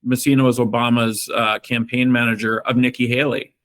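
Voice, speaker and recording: Guest guy chatting politics, mid-pitch voice, dry sarcastic. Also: flat delivery, a little fast, fairly bright tone. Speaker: guest commentator. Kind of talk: casual political chat.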